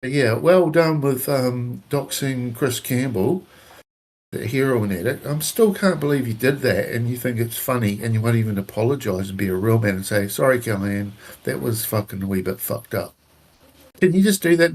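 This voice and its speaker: A man's voice: mid-range voice, animated, moderate pace, darkish tone, low-quality recording. Indignant, foul-mouthed man on a stream. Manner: swearing, indignant. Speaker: guest. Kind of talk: casual livestream chat.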